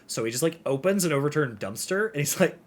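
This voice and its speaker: A man's voice: fairly high pitch, lively intonation, quick pace. Guy on a gaming podcast, rambly, keeps doing the characters' lines. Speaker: podcast co-host. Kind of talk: casual chat, recapping a game.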